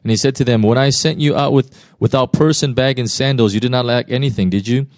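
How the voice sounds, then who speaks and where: A man's voice: medium pitch, quick pace, no echo, studio quality. Man reading scripture and preaching. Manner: reads scripture evenly, then preaches with many fillers. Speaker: pastor.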